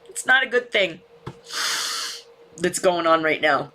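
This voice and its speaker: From a room at home with a ceiling fan, a woman hosts a casual livestream chat, frustrated, near tears, and swearing constantly as she talks to viewers. Her voice is medium-pitched and a bit bright at normal speed, with a little hiss or hum in the recording.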